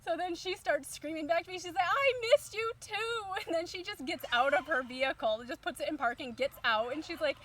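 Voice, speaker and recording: A woman's voice: sits high, quick pace, hardly any pauses, fairly bright tone. A woman in her thirties, a stay-at-home mom, telling a story to camera in a chatty, upbeat way full of fillers. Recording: distant mic, faint background hum.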